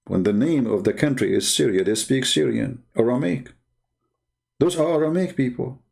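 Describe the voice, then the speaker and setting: A man's voice: medium pitch, moderate pace, creaky. Combative, mocking man ranting. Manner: mocking and combative, rises to loud indignant outbursts. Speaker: religion critic answering viewers. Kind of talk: polemical monologue.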